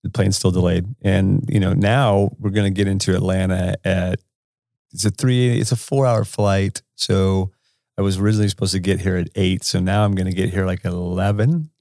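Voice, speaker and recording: A man's voice: sits low, flat delivery, normal speed, gravelly, a little mellow, dry recording, clean studio sound. A man casually telling a rambling, profane travel anecdote, laughing often as he goes. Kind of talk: casual storytelling.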